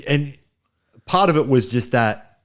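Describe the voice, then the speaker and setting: A man's voice: mid-range voice, lively intonation, measured pace. An Australian man co-hosting a film review podcast in casual chat, often repeating and restarting his words.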